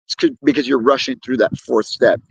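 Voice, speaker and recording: A man's voice: medium pitch, fairly even intonation, fairly quick, gravelly, husky, dry recording, rough recording. A man giving motivational sales coaching, emphatic and repeating his key points. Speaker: sales trainer.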